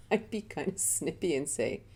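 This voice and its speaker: Gravelly, mellow-voiced woman telling stories. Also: sits low. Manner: candid, chatty, laughs often while telling stories. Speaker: spiritual teacher giving a live talk. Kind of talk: personal storytelling in a live online talk.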